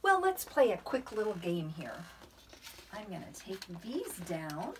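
A woman leading a preschool class in a gentle, unhurried way. Her voice swoops up and down with bright, lively pitch, drawing out each word for small children. She sounds patient and encouraging. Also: slight background noise. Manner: slow, sing-song, animated teacher voice. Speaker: preschool teacher. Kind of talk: preschool lesson to camera.

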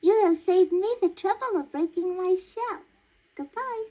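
A man voicing a tiny, polite newborn chick in a squeaky high voice on an old storybook record. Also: unhurried. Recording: dull old vinyl record.

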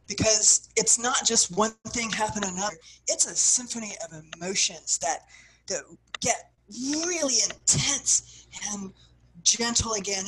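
A woman of middle pitch leads a writing workshop, talking her listeners through exercises and acting out what she describes. Her phrases swell and then trail off softly, and a faint hiss with light clicks sits under the recording. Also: poor audio. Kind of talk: guided workshop instruction.

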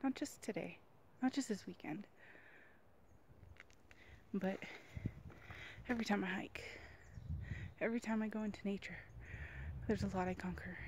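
A woman's voice: mid-range voice, a little hiss or hum. Breathless woman vlogging on a mountain trail. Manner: slow, heartfelt, often drops to a hushed whisper. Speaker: hiker vlogging alone. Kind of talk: reflective outdoor vlog.

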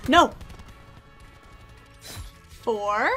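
A young woman giving giggly, excitable commentary while playing a video game. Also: fairly high pitch, drawn-out words, slightly rough, soft background music. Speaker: gaming streamer. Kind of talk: live gameplay commentary.

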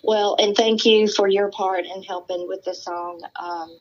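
A woman from Alabama with a Southern coastal accent, calling in to a radio show and chatting casually and warmly. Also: medium pitch, fairly even intonation, measured pace. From Mobile, Alabama. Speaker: caller. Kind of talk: casual chat on a radio call-in. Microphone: phone line. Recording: dull lo-fi phone call.

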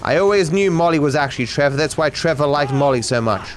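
A man's voice: on the high side, expressive, fast, a little hiss or hum. An Australian man giving sarcastic, swearing live commentary on a game as a streamer, talking to his chat.

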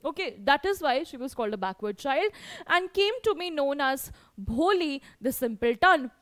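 A woman's voice: high voice, lively intonation, normal speed, fairly bright tone, dry recording, clean studio sound. A woman teacher with an Indian English accent, explaining a story to students and repeating points with many fillers.

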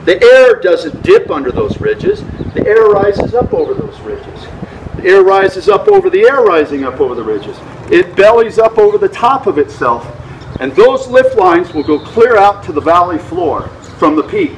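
Animated man teaching flying, echoey outdoors. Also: moderate pace, slight background noise. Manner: animated, imitates vario beeps with rising pitch. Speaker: hang gliding instructor. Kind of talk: outdoor flying lesson talk. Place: outdoors at a mountain flying site.

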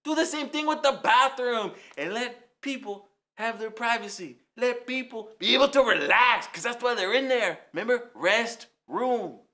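A man voicing a loud, brash Mexican taco-shop character with a Mexican accent, ranting through a rambling comic monologue. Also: extremely high pitch, normal speed. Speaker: comedy character host.

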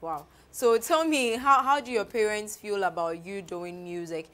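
A woman hosting a casual interview, upbeat and quick to exclaim, stacking up her questions. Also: mid-range voice, a bit bright. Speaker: show host interviewing a rapper.

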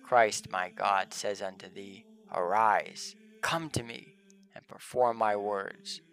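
A man's voice: on the low side, steady tone, takes it slowly, fairly bright tone. A man voicing a fearless male martyr saint, reading his commands in solemn archaic English. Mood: commanding.

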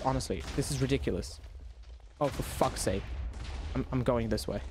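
A young man giving excited, profanity-laced commentary while he plays a video game and taunts the enemy out loud. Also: medium pitch, brisk. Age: young adult. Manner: excitable, swears, talks to the enemy. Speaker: gaming YouTuber. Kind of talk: live gameplay commentary. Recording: noisy game sound under voice.

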